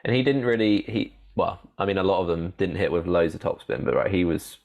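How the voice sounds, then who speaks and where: A man with a very low, deep voice co-hosts a relaxed podcast. He talks in a rambling, halting way, with many fillers and restarts. He laughs easily as he sets a quiz for his co-host. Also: vocal fry, dull audio. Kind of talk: casual podcast chat.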